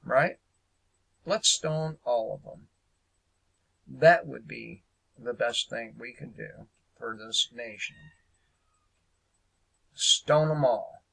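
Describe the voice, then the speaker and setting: A man talks through the news in a loose, unscripted rant, stalling on fillers and dropping into sarcasm. His voice has a gravelly fry to it, and he takes his time. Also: medium pitch, slow, long pauses, bright, forceful tone, poor audio. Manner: hesitant and sarcastic, many fillers. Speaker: political commentary host. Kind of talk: casual political rant.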